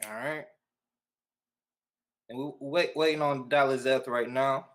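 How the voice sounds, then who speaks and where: A man's voice: mid-range voice, fairly even intonation, measured pace. A man hosting a casual livestream interview, hyped and slangy, cheering his guest on. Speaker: host.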